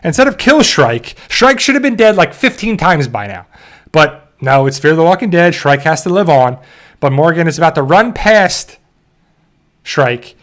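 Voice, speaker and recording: A man's voice: fairly high pitch, big pitch swings, normal speed, a bit bright. A man hosting a show, animatedly recapping a TV episode in casual talk and briefly mimicking the characters. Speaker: show host.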